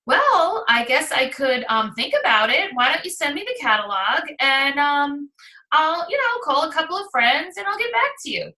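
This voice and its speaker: A sing-songy party hostess , as a woman acts her out, with a high, bright voice. She sounds set back from the mic in a roomy, echoing space. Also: expressive, moderate pace. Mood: noncommittal. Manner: sing-songy, matter of fact. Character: female party hostess, lukewarm then excited. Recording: roomy echo, distant from mic.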